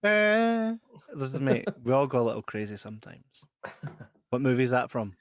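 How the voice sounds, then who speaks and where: A man's voice: mid-range voice, sing-song, moderate pace, no room sound. Scottish man telling stories with laughter. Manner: laughs through his stories, shrieks impressions. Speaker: podcast co-host. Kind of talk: casual chat.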